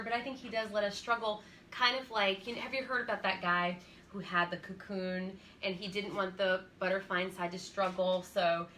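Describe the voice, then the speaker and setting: A woman's voice: medium pitch, fairly quick, bright, forceful tone, slight background noise. A woman in her forties co-hosting a faith-based parenting chat, telling stories earnestly and laughing easily. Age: 40s. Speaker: co-host.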